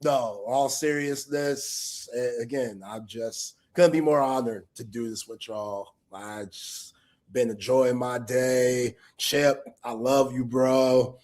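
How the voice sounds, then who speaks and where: A man's voice: medium pitch, fairly even intonation, slow, a little mellow. A man hosting a sports talk livestream, speaking in a heartfelt, loose and rambling way full of street slang. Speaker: sports talk show host. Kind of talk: casual livestream chat.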